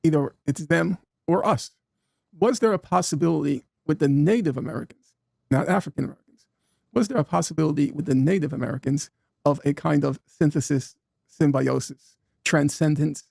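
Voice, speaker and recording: A man in a debate speaking in a measured way, listing words with pauses. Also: on the high side, vocal fry, darkish tone, no echo, clean studio sound. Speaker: debate guest.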